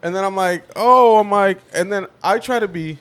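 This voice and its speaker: A man's voice: high voice, steady tone, fairly quick, clean tone. A young man on a podcast, telling a story in casual chat, swearing and acting out the voices of the people in it. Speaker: podcast co-host.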